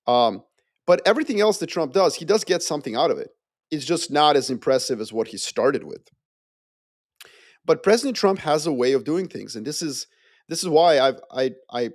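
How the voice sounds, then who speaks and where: A man, a podcast guest, explaining his view with animated storytelling and playful asides. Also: mid-range voice, no echo, clean studio sound. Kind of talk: casual geopolitical discussion.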